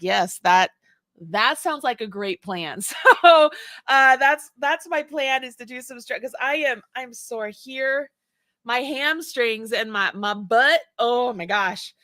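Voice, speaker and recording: A woman in her forties hosts a casual chat, rambling happily with laughs and restarts. Her voice is bright and a little high. The sound is dry and close. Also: no echo. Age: 40s. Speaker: host.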